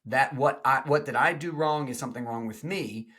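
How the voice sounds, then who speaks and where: A man co-hosting a relationship podcast, talking in an animated way and acting out what partners say. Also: mid-range voice, normal speed. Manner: animated, mimics partners in quoted speech. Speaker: podcast co-host, couples expert. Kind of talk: lively conversational explanation with acted quotes.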